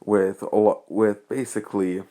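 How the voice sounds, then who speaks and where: A man's voice: fairly low pitch, flat delivery, measured pace, warm tone. A man improvising a fan story as narrator, rambling with many restarts.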